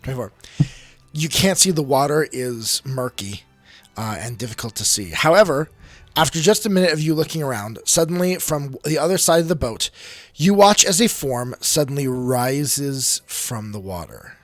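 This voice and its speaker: A man running a tabletop game as game master, narrating with dramatic pauses. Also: medium pitch, animated, no room sound, soft background music.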